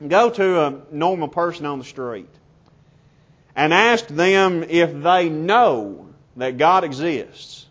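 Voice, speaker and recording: A man preaching in a high voice, pressing each point with deliberate emphasis. His words come one by one, in numbered steps. The recording sounds dull and lo-fi. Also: lively intonation, fairly bright tone. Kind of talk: sermon.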